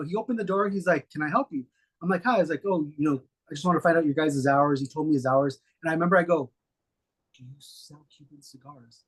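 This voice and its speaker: A middle-aged man, a guest, telling stories in a relaxed, rambling way with many fillers. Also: on the high side. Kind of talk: casual storytelling interview.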